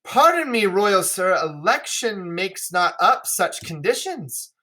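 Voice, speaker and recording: A male teacher reading the part of a courtly duke, slowly and formally, close to his own voice. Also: high voice, big pitch swings, sharp tone, voice pushed up, full character voice, poor audio. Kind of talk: classroom read-aloud.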